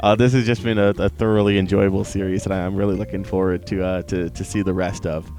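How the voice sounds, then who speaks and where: A man's voice: sits low, level tone, fast, a little mellow, soft background music. A man reviewing anime in a casual, rambling way, with lots of fillers, restarts and tag questions, laughing often when something amuses him. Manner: rambling, many restarts and fillers, frequent "right?".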